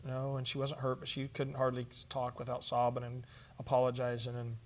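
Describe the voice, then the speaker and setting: A man's voice: mid-range voice, completely flat delivery, fairly quick. A man giving a church conference teaching, telling stories in a conversational way with fillers and asides. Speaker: conference speaker.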